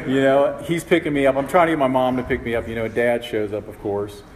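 A man's voice: mid-range voice, steady tone, fast talker. A man in his fifties tells a personal story to a group, rambling and poking fun at himself, with "you know" in nearly every line. His voice carries a long reverb from a meeting hall, and a faint room hum sits underneath. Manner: rambling, self-mocking, heavy on "you know" fillers. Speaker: speaker sharing his story.

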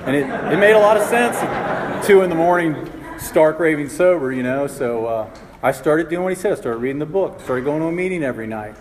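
A man's voice: fairly high pitch, animated, a little fast. Guy rambling thru a funny self-mocking story, says you know a lot, voice echoes round a big hall w/ faint noise behind. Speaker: speaker sharing his recovery story. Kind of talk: humorous storytelling talk.

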